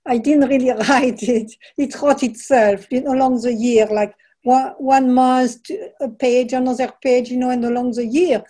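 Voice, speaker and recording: An older woman with a heavy French accent speaks in a mellow, soft-edged voice that sits a little high. She talks haltingly, hunting for words, then reads her own book aloud. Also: steady tone. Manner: halting, searching for words with many fillers. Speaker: author and painter. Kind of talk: casual talk and reading aloud from her book.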